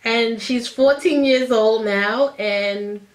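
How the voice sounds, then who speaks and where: A woman's voice: a little high, takes it slowly. Chatty woman telling a storytime. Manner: animated, chatty, acts out quotes. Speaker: vlogger. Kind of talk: casual storytime.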